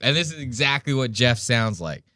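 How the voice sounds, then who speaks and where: Profane, animated podcast host. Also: male voice, mid-range voice, moderate pace, no echo, studio quality. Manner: profane, animated, mimics people mid-story. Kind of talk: casual podcast chat.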